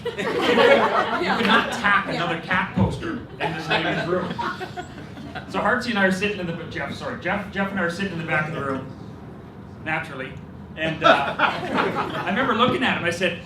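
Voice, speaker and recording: Man in his thirties, best man toast, high voice, jokey storytelling, roomy hall, loud crowd noise. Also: animated, a little fast, recorded from a distance. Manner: jokey, laughs through his stories, earnest when praising. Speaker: best man giving a wedding speech. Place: reception hall with guests.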